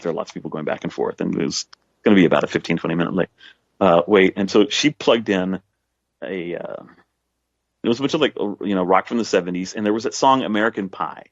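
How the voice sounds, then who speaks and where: Low-voiced man talking, rambling and frank. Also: no echo, lo-fi sound. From south Texas. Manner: rambling, full of fillers and restarts. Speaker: guest author. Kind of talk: casual podcast conversation.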